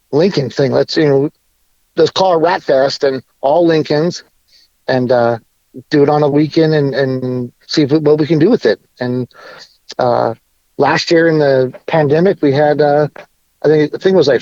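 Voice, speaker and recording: A man talking casually as a podcast guest, laid-back and a bit halting. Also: fairly high pitch, a little mellow, no room sound. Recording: dull lo-fi audio.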